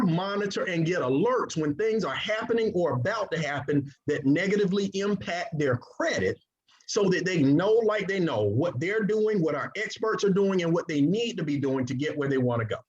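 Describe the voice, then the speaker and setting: A man giving an energetic sales presentation, drawing call-and-response from his audience. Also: high voice, normal speed. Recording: dull lo-fi recording.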